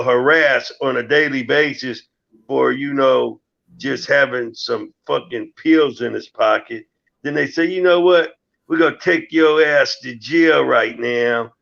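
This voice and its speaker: Gravelly man with lo-fi sound. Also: medium pitch, a bit bright. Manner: storytelling, profane, re-enacting dialogue. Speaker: live stream co-host. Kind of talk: casual live-stream chat.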